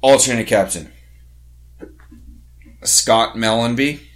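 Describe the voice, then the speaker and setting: A man's voice: medium pitch, slow. A man co-hosting a casual sports podcast, rambling and swearing as he reads names off a list. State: has the hiccups. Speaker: podcast co-host.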